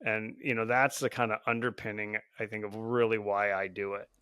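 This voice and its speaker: A man's voice: lowish voice, flat delivery, brisk, pushed and bright, smooth, dry recording, studio quality. A man, a podcast guest, speaking earnestly and reflectively in a casual conversation. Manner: earnest, reflective, often hedging with "like". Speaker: podcast guest, founder of a support group.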